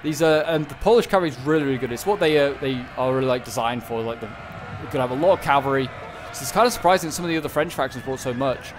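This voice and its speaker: A man's voice: mid-range voice, fast, background noise. Rambling male gameplay commentator. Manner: rambling, many fillers and restarts. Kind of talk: casual game commentary.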